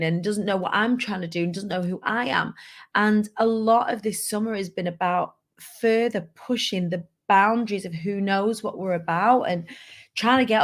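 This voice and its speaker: A woman, a business owner and mum, talking candidly and rambling a little to her online community. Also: mid-range voice. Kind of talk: casual to-camera talk.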